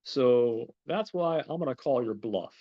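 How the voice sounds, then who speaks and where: A man's voice: mid-range voice, expressive, measured pace, warm tone, highs cut off, lightly acted. A man voicing a cocky male criminal who taunts and threatens. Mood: threatening.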